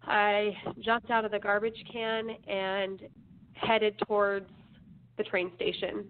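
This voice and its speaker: A woman speaks slowly over a tinny phone line as she tells her story as an interview guest. Her delivery is measured, with pauses between her thoughts. A faint hiss sits under her voice. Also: mid-range voice, little pitch movement.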